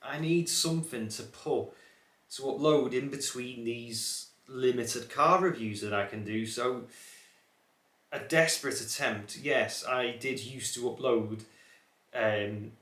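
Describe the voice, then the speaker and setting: A man's voice: medium pitch, a bit bright. Young man with a light Scouse accent. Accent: watered-down Scouse. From Liverpool area, England. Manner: rambling, many fillers and restarts. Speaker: car channel host. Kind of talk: casual reflective chat to camera. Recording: echoey room.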